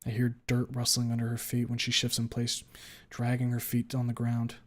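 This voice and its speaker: A man with a voice of middling pitch reads a first-person story on his stream. He narrates in a hushed, controlled tone that keeps slipping into clipped, cursing anger. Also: monotone, normal speed. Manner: hushed, then swearing and tightly angry. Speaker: streamer reading a story aloud.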